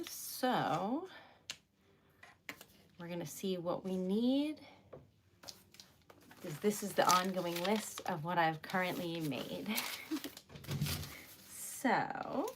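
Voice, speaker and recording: A woman's voice: lowish voice, noisy background. A woman hosting a casual craft livestream, chatting and giggling often as she greets viewers. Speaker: livestream host making wax seal stickers.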